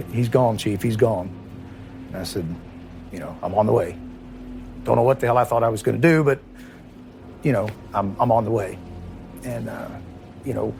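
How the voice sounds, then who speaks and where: Middle-aged man, Kentucky accent, former police chief; halting, emotional interview delivery over soft music. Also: mid-range voice, creaky. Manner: halting, emotional, many restarts and trailing off. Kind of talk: recorded interview recollection.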